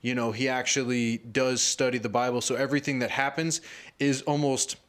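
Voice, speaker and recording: A man's voice: level tone, fairly quick. Rambling male comedian on a podcast. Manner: rambling, filler-heavy, acts out quotes with rising pitch. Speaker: podcast co-host and stand-up comedian. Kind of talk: casual podcast chat.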